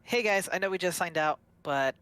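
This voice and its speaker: Bright-voiced upbeat male podcast host. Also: sits high, normal speed, clean tone. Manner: upbeat, friendly introducer. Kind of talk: casual podcast chat.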